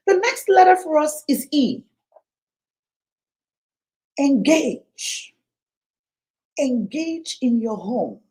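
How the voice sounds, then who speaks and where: Woman, conference speaker, high voice, lively swooping pitch, emphatic, preachy repetition. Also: drawn-out words, pauses often, low-quality recording. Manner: emphatic, preachy, repeats key lines; acts out parents and children in quoted voices. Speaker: parenting speaker. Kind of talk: motivational conference talk. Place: conference venue.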